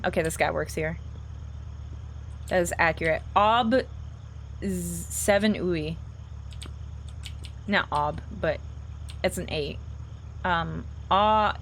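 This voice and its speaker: A woman's voice: on the low side, slow, pauses often, slight background noise. A woman streamer giving casual, playful commentary while playing a horror game, reading lines aloud and talking to her chat.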